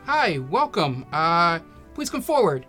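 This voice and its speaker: A man plays a male law arbiter in a tabletop game, polite and welcoming, with a slightly raised, bright voice. A faint bed of music sits behind him. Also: sits high, sing-song, slow pace, voice pushed up, full character voice.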